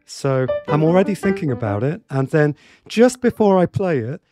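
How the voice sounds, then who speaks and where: A man's voice: on the high side, sing-song, normal speed. A man teaching a piano tutorial in a chatty way, with many fillers and restarts, counting beats aloud.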